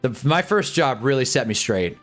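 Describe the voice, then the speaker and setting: Animated young man ranting. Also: medium pitch, moderate pace, soft background music. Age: 20s. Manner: animated, jokey, rambling with frequent laughs. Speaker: livestream host. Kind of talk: casual livestream rant.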